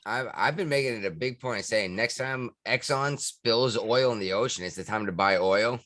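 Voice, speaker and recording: A man's voice: medium pitch, moderate pace, pushed and bright, no echo. A man co-hosting a casual podcast, joking and laughing often as he banters. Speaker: podcast co-host.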